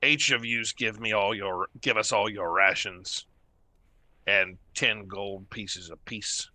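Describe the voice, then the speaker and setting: A man voicing a gruff, menacing bugbear chief who speaks bluntly in slangy "yous" talk. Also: fairly low pitch, steady tone, takes it slowly, bright, forceful tone, no echo, exaggerated voice.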